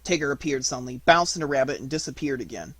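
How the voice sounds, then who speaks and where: Man reading a storybook aloud, animated. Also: mid-range voice, fast talker, no echo. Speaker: audiobook reader. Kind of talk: storybook narration.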